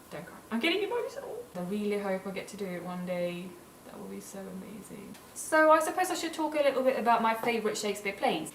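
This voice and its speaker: A woman's voice: lowish voice, fairly bright tone, reverberant, far from the mic, a little hiss or hum, low-quality recording. A young woman from Sweden vlogging in a casual, gushing and earnest way. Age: young adult. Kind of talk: casual vlog talk.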